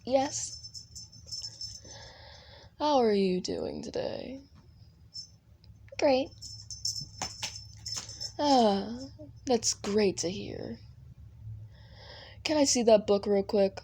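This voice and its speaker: Woman voicing a male TV demon, possessive, smooth, coaxing, slow-spoken, fan audio drama. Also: medium pitch, slight background noise. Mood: falsely sweet. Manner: smooth, coaxing, quietly controlling. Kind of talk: fan audio role-play.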